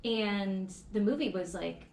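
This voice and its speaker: A middle-aged woman co-hosting a podcast in casual chat, full of quick reactions and heated asides. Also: mid-range voice, creaky, a little mellow, echoey room, slight background noise. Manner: reactive, gasps and quick interjections, heated when ranting. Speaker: podcast co-host.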